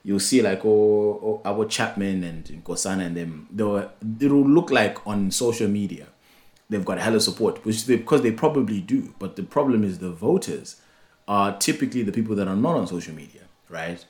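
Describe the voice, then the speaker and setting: A man's voice: fairly low pitch, animated, normal speed, a little mellow. A young man chatting casually as a podcast co-host, rambling with many fillers and restarts. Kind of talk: casual chat.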